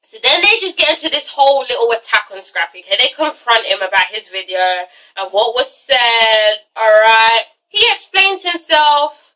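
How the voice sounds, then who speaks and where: A woman's voice: fairly high pitch, very animated, normal speed, sharp tone, far from the mic, poor audio. A woman casually recapping an episode in a chatty, profane vlog style, tagging her lines with "all right?". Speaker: vlogger reviewing a TV episode.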